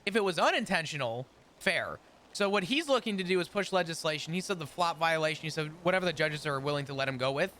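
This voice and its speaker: A man's voice: on the high side, lively intonation, fast, sharp tone, slight background noise. A man in casual roleplay chat, rambling through long explanations and laughing often. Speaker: roleplay character in a court case.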